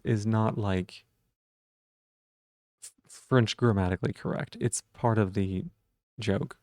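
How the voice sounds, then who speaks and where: A man's voice: lowish voice, steady tone, slow pace, pauses often, darkish tone, dry recording, clean studio sound. A man streaming live, chatting casually and playfully while he repeats silly puns and rambles.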